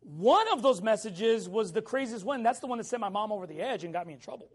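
A middle-aged male pastor preaching a sermon in a casual, animated way, telling a personal story and keeping in touch with his listeners. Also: high-pitched, quick pace, husky.

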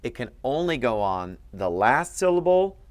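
A man's voice: mid-range voice, big pitch swings, normal speed. A man teaching at a board in a room, explaining patiently and checking in with frequent "okay?".

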